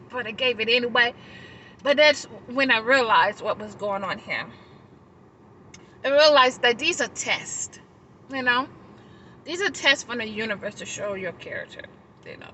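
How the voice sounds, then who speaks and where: A woman vlogger telling a personal story to her viewers, animated and laughing, then reflective. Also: moderate pace, slight background noise, rough recording. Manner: animated, laughing, high-pitched exclamations; reflective, talking to the audience. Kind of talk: casual storytelling to camera.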